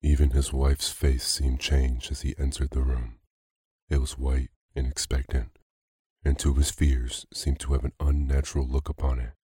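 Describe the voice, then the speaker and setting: A man narrating a classic spooky story as a calm bedtime reading for sleep. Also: extremely low pitch, husky, no echo, clean studio sound. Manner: slow, calm, even reading.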